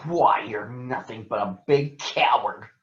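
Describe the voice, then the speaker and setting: A man voicing a brave young girl from a storybook, raising his voice high and speaking earnestly. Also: slow, natural voice. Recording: roomy, dull sound.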